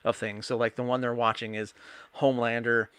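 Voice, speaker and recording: A man's voice: mid-range voice, little pitch movement, a little fast, a bit bright, smooth, dry recording. A young man hosting a podcast, rambling through a casual episode recap and quoting the characters' lines with many restarts. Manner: rambling, retells scenes with quoted lines and restarts. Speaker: podcast host.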